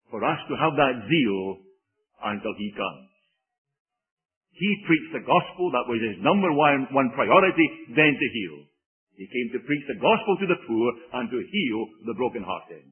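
A male preacher delivering a sermon with emphatic phrasing that sinks low and soft at the ends of phrases. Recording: tinny phone-like sound.

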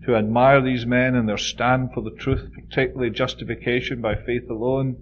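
A man's voice: medium pitch, level tone, brisk, highs cut off, slight background noise. A man giving a conversational Bible study, leaning hard on key words and often saying "you know". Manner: informal, frequent "you know", stresses key words emphatically.

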